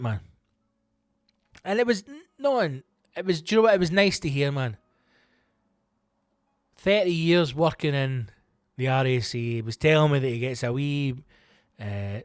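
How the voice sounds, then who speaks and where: Swearing comedian telling a story. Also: male voice, medium pitch, no room sound, clean studio sound. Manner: profane, animated, self-mocking, acts out quotes. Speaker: comedian host. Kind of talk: comic storytelling monologue.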